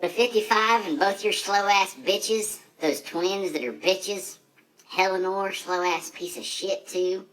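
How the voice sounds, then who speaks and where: A man's voice: sits high, a little slow, a bit bright, rough recording. A man playing a brash, foul-mouthed redneck drag racer in a comedic monologue, full of profane, rambling, boastful trash talk.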